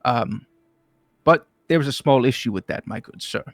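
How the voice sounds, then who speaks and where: A man voicing a calm, courteous old male wizard with dry understatement. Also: mid-range voice, normal speed, dry recording, lightly acted. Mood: dismissive.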